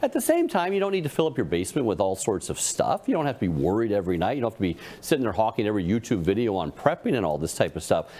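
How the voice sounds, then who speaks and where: A man's voice: on the low side, big pitch swings, racing, hardly any pauses, dark tone. A man co-hosting a panel talk, telling a folksy joke and acting out its characters. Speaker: co-host. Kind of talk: casual panel talk with storytelling.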